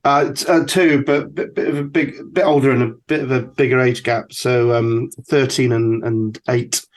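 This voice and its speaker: A man in his forties hosting a podcast, asking questions in a thoughtful, halting way. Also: medium pitch, fairly even intonation. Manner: thoughtful, halting, many restarts. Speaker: podcast host. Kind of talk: interviewing, casual chat.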